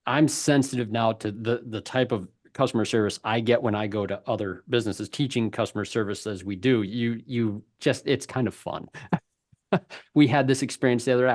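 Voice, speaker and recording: A man with a somewhat low voice hosts a webinar conversation. He talks in a loose, chatty way and breaks into laughter as he tells stories. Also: a little mellow. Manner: chatty storyteller, laughs often. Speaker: webinar host.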